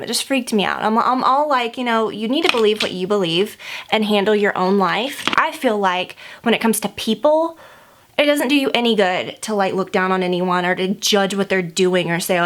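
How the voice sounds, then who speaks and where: A woman talks straight to the camera while she does her makeup, gossiping in a casual, rambling way. Her voice sits at an ordinary middle pitch. She scatters "like" and "you know" through every sentence. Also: animated, fairly quick. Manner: chatty and rambling, heavy use of "like". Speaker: beauty vlogger.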